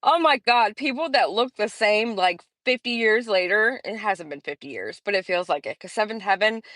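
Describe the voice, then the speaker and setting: A woman of middling pitch hosts a casual live stream and chats along in a rambling, friendly way. She stops to greet viewers by name. Her voice is dry and close, with almost no room sound. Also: expressive, moderate pace, fairly bright tone, no room sound. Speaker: livestream host.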